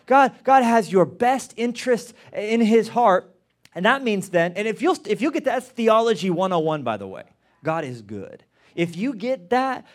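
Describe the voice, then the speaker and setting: A middle-aged man preaching a sermon as pastor, animated, often repeating words as he stresses a point. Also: high-pitched.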